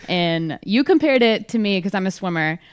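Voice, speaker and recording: A young woman hosting a podcast interview, asking friendly, measured questions. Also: medium pitch, lively intonation, smooth. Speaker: podcast host.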